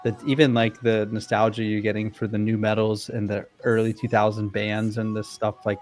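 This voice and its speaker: A man's voice: lowish voice, level tone, normal speed, darkish tone. A man co-hosting a casual podcast, agreeable and a bit hesitant as he talks. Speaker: podcast co-host.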